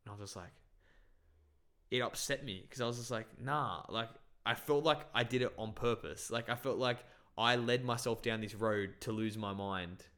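Young man, low-pitched, casual podcast chat, rambling profane storyteller. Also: normal speed, a bit bright. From Bangladesh.

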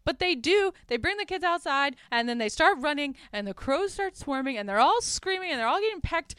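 A woman's voice: sits high, expressive, a little fast, fairly bright tone, dry recording, studio quality. A young woman hosting a podcast, casually retelling a film's plot in a chatty way, full of "like" and amused asides. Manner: chatty, lots of "like", laughs at her own asides. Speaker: podcast host. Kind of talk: casual movie recap.

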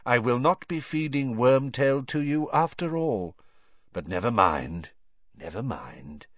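A man voicing a cold, menacing male dark lord with a high, measured voice, in a storybook reading. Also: animated, dry recording. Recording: dull dry lo-fi recording.

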